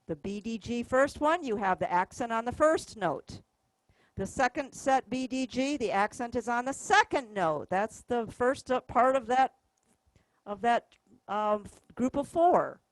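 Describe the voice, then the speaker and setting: A woman music teacher leads a class, talking patiently and counting out notes and beats aloud. Her voice sits a little high. The sound is dry and close, with almost no room echo. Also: lively intonation, a little slow. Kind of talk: classroom instruction.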